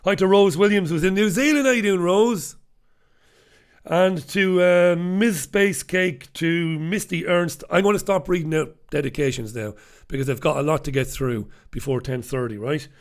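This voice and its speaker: A middle-aged man chats his way through a live stream in his home studio, rambling and poking fun at himself. His voice sits a little high for a man. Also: moderate pace. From Ireland. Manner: chatty, self-mocking, rambling. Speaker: host. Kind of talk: casual live-stream chat.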